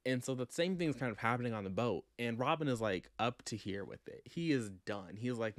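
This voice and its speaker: A man recapping a book for his vlog in a casual, animated, sassy way, acting out quotes as he goes. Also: mid-range voice, fairly quick, no room sound, studio quality. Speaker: book vlogger.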